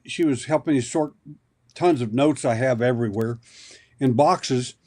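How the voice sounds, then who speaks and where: A man of ordinary pitch sits in as a podcast guest and spins a long personal anecdote. He rambles, circles back and restarts his sentences as he goes, building the story piece by piece in a conversational telling. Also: normal speed, darkish tone. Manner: rambling, anecdotal, with many repeated starts. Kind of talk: storytelling in an interview.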